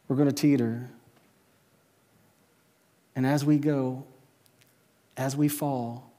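Pastor preaching in a reverberant hall. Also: male voice, medium pitch, dark tone. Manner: conversational, peppered with "right?" tag questions. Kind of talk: sermon. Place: church service with a live audience.

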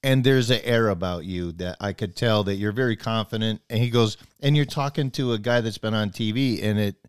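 A man's voice: fairly low pitch, fairly quick, clean tone, dry recording, clean studio sound. A man telling a long personal story in casual chat, rambling, restarting his sentences, and acting out both sides of the conversation.

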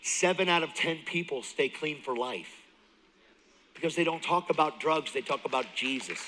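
Male guest preacher with a bright, forceful voice, animated testimony with loud bursts and hushed asides. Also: on the high side, normal speed, big-room sound, a little hiss or hum, rough recording. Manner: animated storytelling, jumps between loud and hushed; laughs often, talks straight to the crowd. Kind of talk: sermon, personal testimony. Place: church service.

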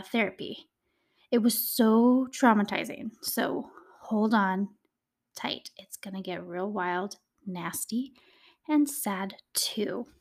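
Chatty woman hosting true crime. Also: medium pitch. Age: adult, a parent. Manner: chatty and conversational, with dramatic emphasis. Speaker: true crime podcast host. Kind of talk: casual true-crime storytelling.

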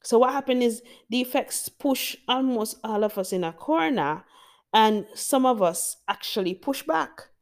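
A woman's voice: on the high side, lively intonation, measured pace. A Jamaican woman hosting a motivational podcast, talking straight to her listeners in an emphatic, encouraging way. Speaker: podcast host.

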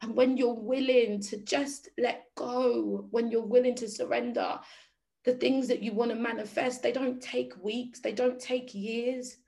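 A woman's voice: a little high, fairly even intonation, unhurried, creaky, dark tone. A woman giving an inspirational faith talk to a group, tearful, earnest and emotional, repeating phrases for emphasis. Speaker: spiritual speaker.

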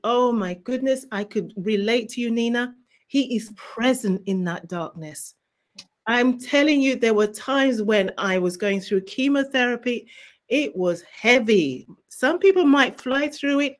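A woman's voice: on the high side, expressive, a little slow. A woman who is a guest author, sharing a fervent faith testimony in an interview. She speaks like a preacher and repeats key phrases for emphasis.

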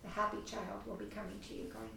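A woman's voice: medium pitch, flat delivery, fast talker, creaky, pushed and bright, a little hiss or hum. Give me a chatty woman teaching a parenting class in an echoey room. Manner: chatty, acts out quoted voices. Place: meeting room with a small group. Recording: echoey room, mic far off.

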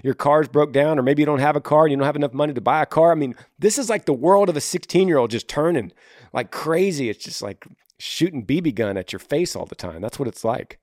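A man hosting an advice show, talking straight to a young listener in a casual, animated way, acting out little conversations. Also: on the high side, quick pace, dry recording, clean studio sound. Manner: animated, acts out little dialogues, calls listener bro and man.

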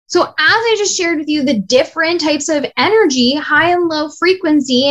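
Woman coach, thirties, high bright voice, chatty and blunt, slips in the odd curse. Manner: lively, blunt, swears casually, acts out voices. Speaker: business coach. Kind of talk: casual coaching talk.

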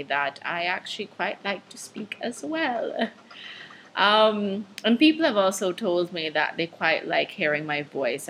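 A Jamaican-accented woman talks through a casual solo podcast in a notably low voice. She rambles nervously and breaks into laughter often. A faint noise sits under the recording. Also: fairly bright tone. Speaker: podcast host.

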